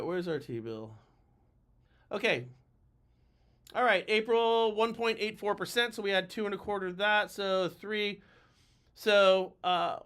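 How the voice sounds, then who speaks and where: A man's voice: high-pitched, bright, forceful tone, clean tone. A man hosting a live-streamed coaching talk for mortgage lenders, speaking emphatically and urgently, blunt and a little profane. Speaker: mortgage lender and show host.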